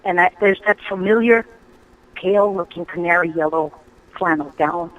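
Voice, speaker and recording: A woman caller telling a ghost story on a radio call-in show, lively and full of ums and restarts. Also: on the low side, moderate pace, low-quality recording. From Hawaii. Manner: animated storytelling, acting out her own quoted lines; hesitant, frequent ums and restarts.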